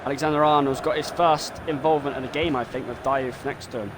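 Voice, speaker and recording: A man commentating his own football video game live, muttering play-by-play and swearing and yelling when things go wrong. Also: medium pitch, fairly even intonation, quick pace, noisy background.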